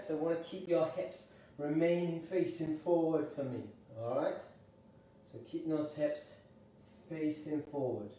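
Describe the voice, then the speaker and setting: Man from Wales, exercise instructor, upbeat and encouraging, mellow voice, echoey room, heard from afar. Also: on the high side, recorded from a distance, slight background noise. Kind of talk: live online exercise class. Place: room at home.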